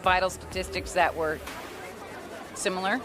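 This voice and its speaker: An actress in an interview, speaking thoughtfully with pauses. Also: female voice, on the low side, fairly even intonation, a crowd in the background. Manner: thoughtful, hesitant. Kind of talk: interview reflection. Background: music.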